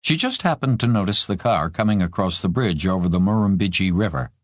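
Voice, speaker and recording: A deep-voiced man narrating an audiobook with measured, expressive storytelling. His pitch rises and falls in a lively way, and the recording is dry and close. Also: dry recording. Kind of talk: scripted narration.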